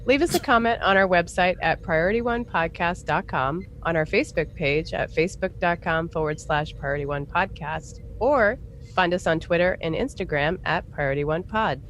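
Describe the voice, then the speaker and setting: A woman's voice: lowish voice, moderate pace, fairly bright tone, a little hiss or hum. A woman co-hosting a live podcast, cheerfully reading announcements with frequent laughs. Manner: giggly, reads announcements cheerfully. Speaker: podcast co-host.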